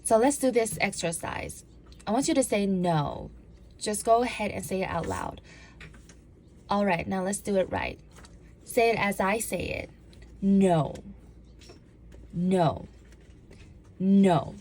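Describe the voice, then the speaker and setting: A woman's voice: medium pitch, big pitch swings, normal speed, long pauses, slight background noise. A woman who once worked in law enforcement gives a talk on body language, acting out examples and leading the audience through drills. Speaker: public speaker on body language; former law enforcement officer.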